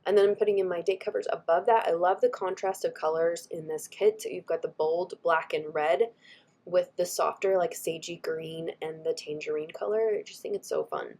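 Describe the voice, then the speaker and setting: A woman's voice: fairly low pitch, expressive, moderate pace. Chatty woman gushing over stickers. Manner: gushing, chatty, frequent soft asides. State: slightly scratchy from a cold. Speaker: planner vlogger. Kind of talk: casual chat over a craft video.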